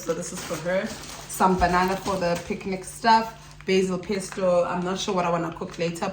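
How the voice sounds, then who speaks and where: Chatty millennial mom vlogger, echoey room. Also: female voice, on the low side, noisy background. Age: 30s. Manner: chatty, restarts mid-sentence. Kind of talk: casual vlog chat. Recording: echoey room with background music.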